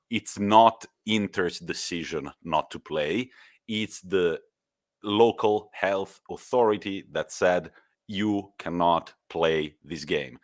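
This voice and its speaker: A man co-hosting a podcast, telling football stories in a lively way with laughs and the odd swear word. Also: low-pitched. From Italy. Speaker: podcast co-host. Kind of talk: casual football chat.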